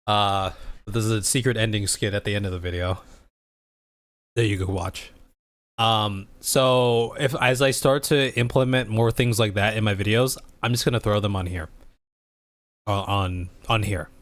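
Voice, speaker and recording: A man's voice: fairly low pitch, moderate pace, a bit bright, no room sound. A man hosting his own channel, casually talking through plans and thinking aloud to his viewers. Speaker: streamer and channel host.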